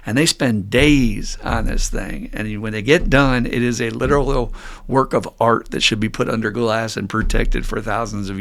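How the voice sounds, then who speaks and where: Brief: middle-aged male therapist-host, mid-pitched, candid and blunt, animated on key points. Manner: candid and blunt, with mild swearing; animated, rising loud and high when mimicking people. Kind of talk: casual podcast monologue.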